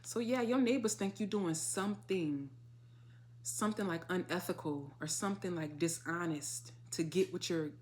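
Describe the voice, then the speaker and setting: A woman doing a casual tarot reading, animated and slangy, swearing freely and throwing in dramatic asides. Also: on the low side, normal speed. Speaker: tarot reader.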